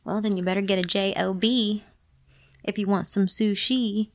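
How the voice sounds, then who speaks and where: A woman's voice: mid-range voice, fairly even intonation, normal speed. A middle-aged woman co-hosting a casual chat and reading a story aloud, teasing and laughing often.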